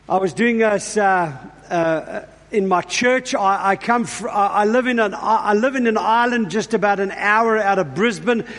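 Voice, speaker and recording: A guest preacher, a man whose accent mixes South African and Australian. His voice sits fairly high, and he talks in a relaxed, joking way, full of fillers and restarts. The sound carries the long reverb of a church hall. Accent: mixed South African and Australian. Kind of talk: sermon with casual asides. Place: church sanctuary.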